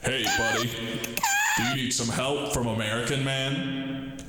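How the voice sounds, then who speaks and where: A man's voice: mid-range voice, huge pitch swings, measured pace, loud music behind the voice. A man voicing a cheesy macho American hero who rescues drunks, with his voice run through a heavy echo plugin. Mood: heroic. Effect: heavy echo and reverb plugin.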